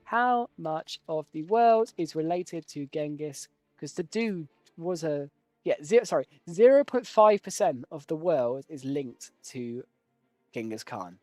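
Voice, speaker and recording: A man's voice: a little high, expressive, unhurried, a little mellow, no echo. Rambling jokey male game streamer. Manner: rambling, jokey, self-deprecating; casual swearing. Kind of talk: casual live gameplay commentary.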